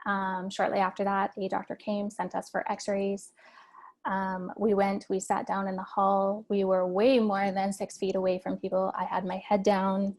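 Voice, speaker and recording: Gravelly-voiced woman recounting an ordeal. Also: mid-range voice, measured pace. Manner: earnest, steady retelling of a distressing event. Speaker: interviewee. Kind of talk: personal account in an interview.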